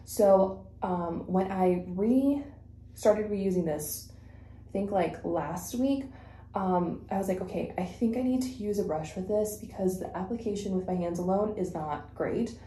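A woman's voice: medium pitch, measured pace, dark tone. Woman, native Spanish speaker, casual vlog chat, rambling, slightly out of breath, faint room noise. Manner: chatty, rambling with fillers and self-corrections. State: a little out of breath. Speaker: vlogger. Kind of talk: casual chat while doing makeup. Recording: echoey room.

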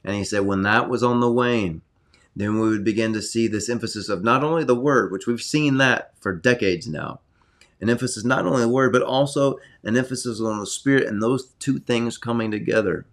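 A man preaching informally from his home study to an online audience, earnest and conversational, now and then raising his voice loudly for emphasis. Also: mid-range voice, a little fast.

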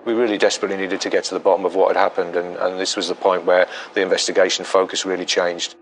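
A man, a police detective recounting an investigation in a documentary interview, measured and full of ums and restarts. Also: low-pitched, little pitch movement, a little hiss or hum, poor audio.

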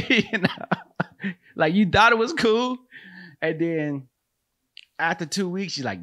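A male podcast host rambles through comedic riffs, full of slang and quick laughter. His voice is bright and sits fairly high. His pitch jumps around a lot. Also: expressive, no echo, studio quality. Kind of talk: casual comedic riffing.

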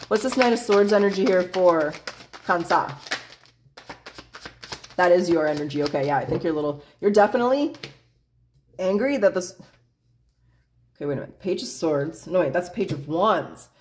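Lowish-voiced woman doing a tarot reading, blunt and chatty, cusses and laughs. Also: lively intonation, moderate pace, pauses often, darkish tone, a little hiss or hum. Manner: chatty, blunt, swears freely, laughs often. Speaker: tarot reader.

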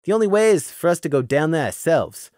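A man voicing a firm male deer sergeant who talks in a brisk, commanding way. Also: fairly high pitch, lively intonation, darkish tone, no room sound, studio quality, pitched above the performer's own voice, close to an everyday voice.

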